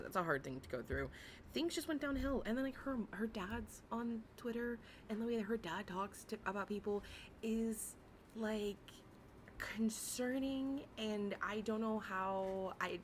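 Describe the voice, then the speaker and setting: A young adult woman with a raspy voice, chatting casually and rambling on a livestream, often giggling, with many fillers. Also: mid-range voice, a little hiss or hum. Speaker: livestream commentary host.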